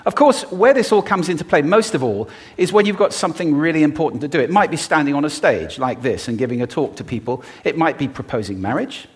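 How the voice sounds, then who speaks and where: Lively, expressive male stage speaker. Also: a little high, fast, few pauses. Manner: expressive, playful, demonstrates vocal techniques. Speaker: public speaker. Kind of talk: stage talk to a live audience. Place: stage before an audience.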